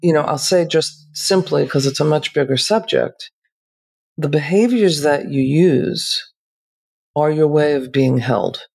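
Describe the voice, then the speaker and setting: Calm gravelly-voiced woman therapist. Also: deep voice. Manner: calm, measured, slows down to stress points. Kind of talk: reflective podcast conversation.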